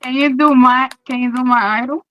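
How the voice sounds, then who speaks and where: A woman's voice: high-pitched, fairly even intonation, fairly quick, pushed and bright, dry recording. A woman hosting an interview, chiming in with short reactions. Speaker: interviewer host. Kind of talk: casual interview chat.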